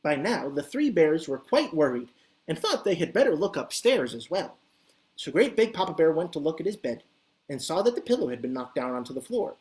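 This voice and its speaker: A woman reading a children's story aloud as an expressive, animated storyteller. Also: low-pitched, moderate pace.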